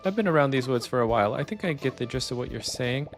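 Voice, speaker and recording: A man's voice: medium pitch, expressive, fast, creaky, soft background music. A man reading game dialogue as a playful young woman who lives in the woods, friendly and teasing. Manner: teasing, friendly, read aloud from game text.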